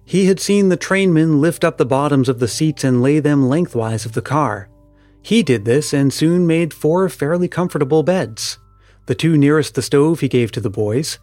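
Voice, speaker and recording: Male storyteller, measured and calm, dry close recording. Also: a little high, no echo, soft background music. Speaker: story reader. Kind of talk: storybook narration.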